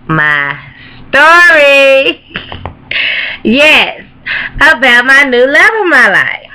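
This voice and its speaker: Brash, bright-voiced woman telling a story. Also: high voice, drawn-out words, long pauses, rough recording. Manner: brash, profane, animated gossiping. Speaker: comic storyteller. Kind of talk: comedic storytelling vlog.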